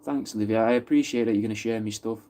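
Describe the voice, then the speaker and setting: A man's voice: lowish voice, fairly even intonation, quick pace, mellow. A man from Manchester with a Mancunian accent, chatting casually on a live stream, answering viewers' comments and swearing freely. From Wythenshawe, Manchester. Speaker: livestream host.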